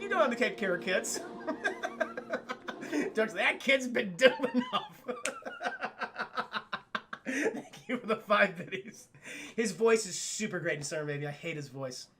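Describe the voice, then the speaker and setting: A man casually recapping a cartoon episode for his live chat, animated, profane and laughing often. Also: extremely high pitch.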